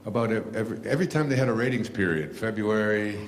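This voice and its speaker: Older guy with a really low voice rambling thru a story to a crowd, lots of ums, chuckles at himself. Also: lively intonation, fast, slight background noise. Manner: rambling with many fillers and restarts, laughs at himself. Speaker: speaker telling his story to an audience. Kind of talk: casual storytelling talk. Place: before a live audience.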